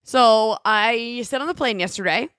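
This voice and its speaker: A woman co-hosting a morning show, telling a story in casual chat and acting out the people in it with lively voices. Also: on the high side, measured pace, clear, resonant tone, no room sound, studio quality. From Seattle area. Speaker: radio show co-host.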